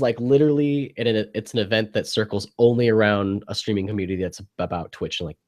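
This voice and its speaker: Young male co-host, a bit low, congested and sniffly, loose jokey delivery over a video call. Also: fast talker, few pauses, a little mellow. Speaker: podcast co-host. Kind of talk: casual chat.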